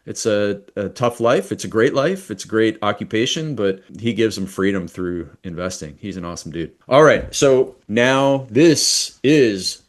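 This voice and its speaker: Energetic man coaching, low voice. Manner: energetic, quick, enthusiastic. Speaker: business coach leading a workshop. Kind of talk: live online coaching session.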